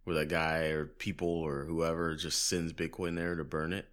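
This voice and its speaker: Very deep-voiced man musing aloud. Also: level tone, normal speed, fairly bright tone. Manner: musing, asks open questions. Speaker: podcast co-host. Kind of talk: casual chat.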